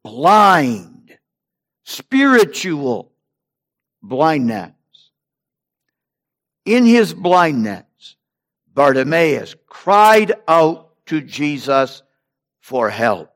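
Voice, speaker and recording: A man preaching a sermon, slow and deliberate, rising in emphasis on repeated phrases. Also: a little high, very animated, fairly bright tone.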